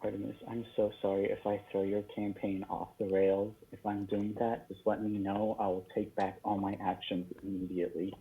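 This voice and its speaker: A young male player in a casual tabletop session talks in a lowish voice. He is chatty and quick to apologize. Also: level tone, narrow, tinny audio. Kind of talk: casual tabletop game chat.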